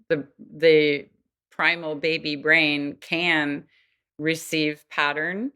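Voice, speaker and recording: A woman's voice: deep voice, a bit bright. A woman guest on a podcast interview, explaining earnestly and acting out quoted voices now and then. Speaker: guest expert on child development.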